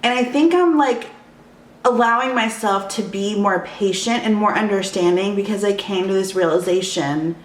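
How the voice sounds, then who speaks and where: A woman's voice: medium pitch, normal speed. A woman in her thirties, speaking candidly and emotionally in a personal vlog at home, often sighing. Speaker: vlogger. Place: home, indoors. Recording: echoey room.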